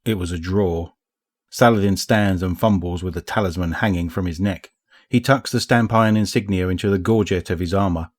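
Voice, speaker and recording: A man narrating a story as an audiobook reader, in a measured, even way. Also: deep voice, no room sound, studio quality. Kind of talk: scripted narration.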